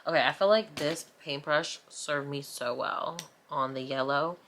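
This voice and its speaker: Low-voiced woman rambling while she paints. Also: steady tone, a little slow, a bit bright, a little hiss or hum. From New Jersey. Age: 30s. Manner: rambling, self-mocking, playfully dramatic. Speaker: vlogger. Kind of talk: casual chat while painting. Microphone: camera mic.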